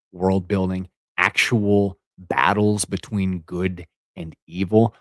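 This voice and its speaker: Man in his thirties, low voice, dry close sound, emphatic vlog rant, keeps repeating words to hammer a point. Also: a little mellow, dry recording. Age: 30s. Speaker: content creator. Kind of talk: unscripted rant.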